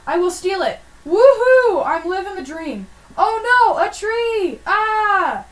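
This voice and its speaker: A woman voicing a goofy, excitable boy who writes silly letters, with squealing, over-the-top exclamations. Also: very high-pitched, slow pace, voice pushed up, full character voice. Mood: manic. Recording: distant mic.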